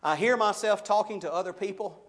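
A middle-aged man preaching a sermon, slowing and swelling on key words for emphasis. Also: sits high, fairly bright tone. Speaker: pastor.

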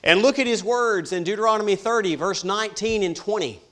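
A man preaching a sermon, swinging from hushed to loud and slowing down on key words. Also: high-pitched. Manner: dramatic swings from soft to loud, slows for emphasis.

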